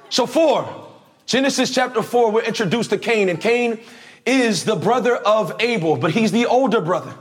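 A male preacher with a very high voice delivers a lively sermon in a church. He talks straight to his congregation, asking them to answer back and raise their hands. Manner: energetic, preaching with calls to the congregation.

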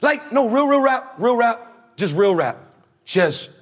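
A man's voice: extremely high pitch, big pitch swings, takes it slowly. A male preacher giving a conversational, slangy sermon, leading the congregation in call-and-response.

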